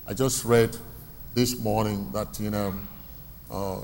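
A man's voice: on the low side, steady tone, takes it slowly, darkish tone, a little hiss or hum. A man preaching a sermon in a church hall. He asks the congregation questions and repeats his key phrases. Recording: long reverb from a hall, faint ambience.

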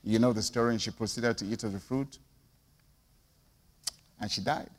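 A man preaching a sermon, firing off rhetorical questions and swinging between loud outbursts and quiet asides. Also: lowish voice, steady tone, moderate pace, long reverb tail.

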